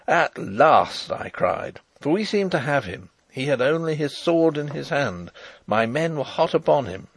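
A man narrating a novel chapter aloud in a measured, expressive reading. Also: mid-range voice, slightly rough, dry recording. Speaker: audiobook narrator.

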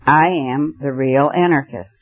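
A man's voice: medium pitch, measured pace, lo-fi sound, lightly acted. A man voicing a raging male anarchist, fierce. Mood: restrained menace. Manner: fierce accusing declamation.

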